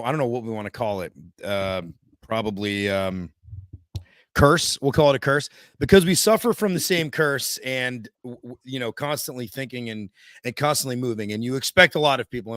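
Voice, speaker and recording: A man's voice: medium pitch, fairly bright tone, clean tone, no room sound, clean studio sound. A man hosting a podcast, rambling and hunting for words as he builds up to a question. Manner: rambling, searching for words before asking. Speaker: podcast host. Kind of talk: casual interview talk.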